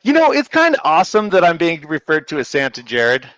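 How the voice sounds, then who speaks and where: A man's voice: a little high, huge pitch swings, a little fast, fairly bright tone, no echo, rough recording. A man co-hosting a casual livestream, playful and teasing as he eggs the others on. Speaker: co-host of a comics livestream.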